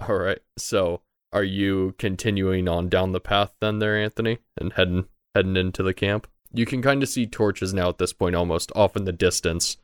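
A man's voice: deep voice, steady tone, normal speed, hardly any pauses, clean tone, dry recording, studio quality. A young man narrating as game master of a tabletop game in a casual, loose way.

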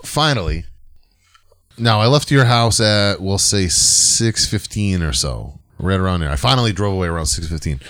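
A man's voice: low-pitched, animated, moderate pace, a bit bright. A man co-hosting a podcast who tells long, rambling stories in casual chat, swearing freely. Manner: rambling, profane storytelling. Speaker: podcast co-host.

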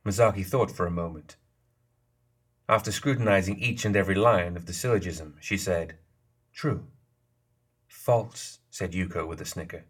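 A man reading a novel aloud in an even, measured way. His voice sits low and has a husky edge. The narration is scripted and steady. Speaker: audiobook narrator.

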